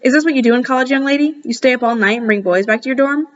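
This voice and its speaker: A woman's voice: high voice, very fast, muffled recording, voice pushed up, lightly acted. A woman voicing an angry, strict middle-aged mother who scolds shrilly. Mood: scolding.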